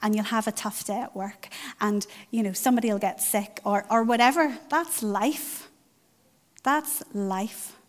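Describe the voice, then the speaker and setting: A woman's voice: mid-range voice, a little slow. A middle-aged woman giving a conversational sermon, driving points home by repeating them. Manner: conversational, emphatic repetition. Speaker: church speaker.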